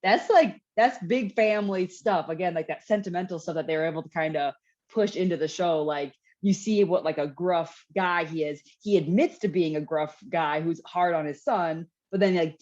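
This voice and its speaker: On a podcast, a woman co-host chats casually, rambling along with lots of fillers and restarts. Her voice sits lowish with a darkish tone, and the recording has a dull lo-fi sound.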